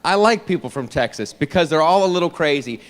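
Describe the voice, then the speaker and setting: A man doing an animated stand-up comedy routine, talking in a fairly high voice. He keeps slipping into quick character voices between his own lines.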